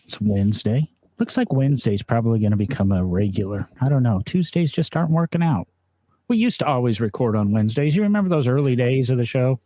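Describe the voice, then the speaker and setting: This podcast co-host, on a green-screen video call, keeps the chat casual and laughs as he talks. He speaks fast and animatedly at medium pitch, with a mellow tone and a dry recording.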